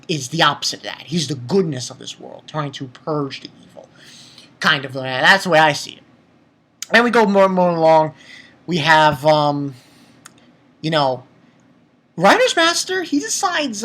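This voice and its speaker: Man, anime reviewer, slow unhurried delivery, swears freely, stammers and restarts, emotional casual rant. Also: fairly high pitch, pushed and bright. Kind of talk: casual spoken episode review.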